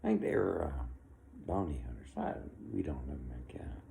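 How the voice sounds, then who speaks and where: A man's voice: a bass voice, expressive, brisk, creaky, mellow, a little hiss or hum. A man in his sixties giving an opinionated, rambling monologue, with chuckles between his complaints. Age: 60s.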